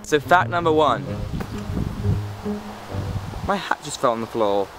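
A man's voice: medium pitch, animated, unhurried, music in the background. A teenage boy from England, chatting to camera outdoors in a sarcastic, rambling, easily distracted way. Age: teens. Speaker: vlogger. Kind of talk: casual chat to camera.

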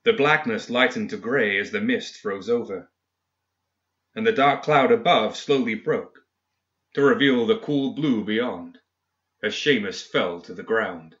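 Bright-voiced male story narrator. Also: on the low side. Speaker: audiobook reader. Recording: dull lo-fi recording.

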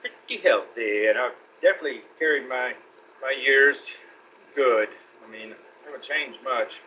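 Middle-aged Texan man, rambling guest storyteller, sharp bright voice, slightly muffled podcast audio. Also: mid-range voice, moderate pace, a little hiss or hum. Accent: Texan Southern. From East Texas. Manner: chatty, rambling, laughs between anecdotes. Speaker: guest actor. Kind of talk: casual interview storytelling.

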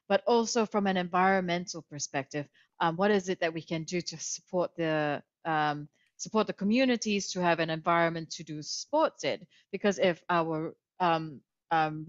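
Woman interview guest, lowish voice, measured with many ums, muffled dry lo-fi sound. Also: dry recording. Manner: measured, with frequent fillers. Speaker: podcast guest, author. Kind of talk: interview answers. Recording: dull lo-fi audio.

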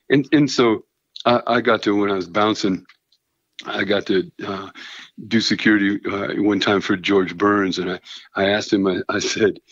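A middle-aged man telling stories in casual chat, halting and full of restarts, with a self-deprecating manner. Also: sits low, no echo. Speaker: guest comedian and veterinarian. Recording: dull lo-fi sound.

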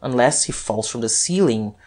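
Reader doing husky low detective, terse and guarded, audiobook. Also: male voice, expressive, normal speed, darkish tone, lightly acted. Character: Guerchard, tense, husky male police detective.

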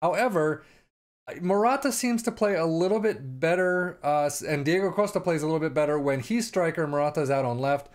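A man's voice: on the high side, a little fast. A man casually commenting on his own soccer management game, sarcastic and rambling, sometimes slipping into a mock announcer voice. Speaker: gaming commentator.

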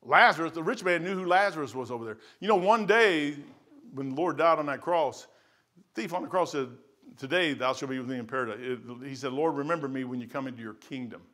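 A middle-aged man preaching a sermon as pastor in a church, swinging from quiet musing to loud fervent testimony. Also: fairly high pitch, fairly quick. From United States. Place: church sanctuary.

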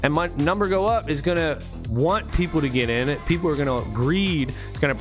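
Brief: an emphatic, profane man ranting with street slang, speaking a little high, with faint music behind him. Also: brisk. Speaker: vlogger. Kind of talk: casual ranting monologue.

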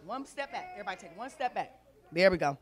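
A woman's voice: mid-range voice, fast talker, faint music behind. A woman hosting a congregation youth talent show, cheerfully calling up children and handing out awards, speaking. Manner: animated, cheering, calls out names. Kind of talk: lively emcee handing out awards. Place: congregation hall.

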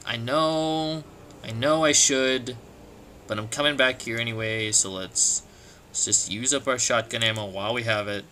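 A man giving joking gameplay commentary while playing, animated and quick to break into shouts and laughter. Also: mid-range voice, a little hiss or hum. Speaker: let's play gamer.

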